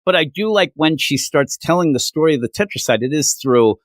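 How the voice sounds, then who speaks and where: A man's voice: brisk, dry recording, studio quality. A man from Minnesota co-hosting a casual comic book review chat, telling anecdotes and acting out the people in them. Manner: animated storyteller, acts out quoted people in high voices. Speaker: comic book podcast co-host.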